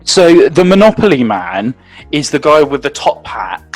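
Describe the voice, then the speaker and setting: A man's voice: on the high side, very animated, measured pace, faint music behind. A man co-hosting a casual chat, talking animatedly, laughing often and leaning on "like" as a filler. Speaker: co-host.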